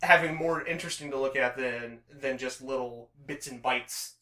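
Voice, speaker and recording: A man's voice: medium pitch, normal speed, bright, forceful tone, reverberant. A man co-hosting a podcast in casual chat, rambling with many restarts and filler words. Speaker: podcast co-host.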